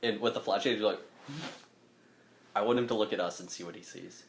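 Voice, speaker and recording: A man's voice: fairly low pitch, fairly quick, vocal fry. A man playing a tabletop game, talking casually with plenty of swearing and laughter. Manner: animated, swearing, laughs a lot. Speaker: player.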